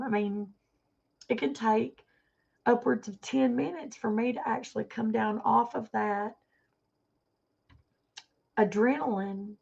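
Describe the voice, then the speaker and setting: A woman with a gravelly, husky voice, a little higher than most, talking on a livestream. She speaks earnestly and rambles, circling back and repeating herself. The audio is dull and lo-fi. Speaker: livestream vlogger. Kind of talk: emotional personal livestream talk.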